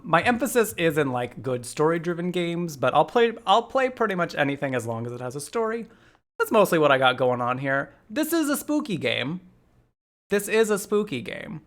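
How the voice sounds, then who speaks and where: A man live-streaming a game, chatting casually with viewers, giggly and animated as he greets them by name. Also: on the high side.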